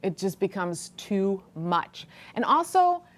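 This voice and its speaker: A woman's voice: mid-range voice, very animated, takes it slowly. A woman in her thirties hosting a casual live-stream chat, speaking frankly and with jokes while reading viewers' comments aloud.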